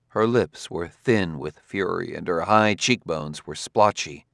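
A man narrating a novel as an audiobook in an expressive storytelling manner. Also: low-pitched, a little slow, gravelly, hardly any pauses, no room sound, studio quality. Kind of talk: scripted narration.

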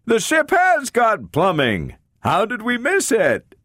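A man voicing an excitable male space engineer who complains sarcastically and often bursts into exclamations. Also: on the low side, a little slow, no echo, clean studio sound. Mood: excited.

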